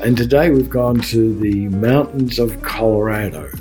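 A man's voice: fairly low pitch, a little slow, faint music behind. Jokey male podcast co-host. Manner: jokey, deadpan tall tales. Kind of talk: casual podcast chat.

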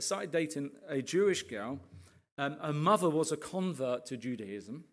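A man, a pastor, giving a lively sermon testimony full of asides to his listeners and passionate outbursts. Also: medium pitch. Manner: animated storytelling, rising to impassioned rants with frequent asides to the audience.

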